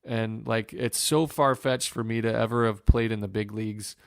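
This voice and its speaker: A man, a former pro pitcher from Northwest Ohio, telling emotional stories in a podcast interview, with fillers and restarts. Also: steady tone, moderate pace, gravelly, clear, resonant tone, no echo, clean studio sound. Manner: emotional, reflective storytelling with many fillers and restarts.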